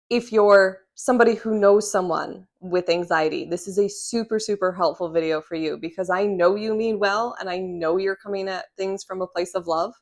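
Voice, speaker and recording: A woman, a respiratory therapist, talking frankly and reassuringly to her phone camera at home, often checking in with "okay?" and "right?". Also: lowish voice. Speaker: respiratory therapist sharing breathing tips. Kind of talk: casual direct-to-camera vlog. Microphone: phone camera under ring light.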